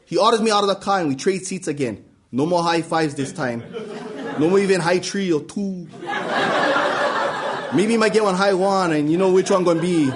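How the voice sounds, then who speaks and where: A man's voice: high-pitched, normal speed, a crowd in the background. A man reading a story aloud with a wry, storytelling delivery. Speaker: reader. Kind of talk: spoken-word story reading.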